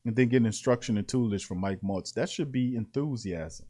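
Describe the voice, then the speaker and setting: A man hosting a casual sports talk show, reading out practice notes and reacting with animated, laughing commentary. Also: mid-range voice, fairly quick. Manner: animated, laughing, repeating lines for emphasis.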